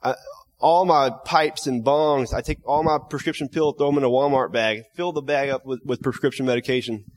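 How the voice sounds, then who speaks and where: A man's voice: medium pitch, steady tone. Earnest man telling his conversion story. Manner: earnest, halting storytelling with many restarts and fillers. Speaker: person sharing his faith testimony. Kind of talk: emotional personal testimony.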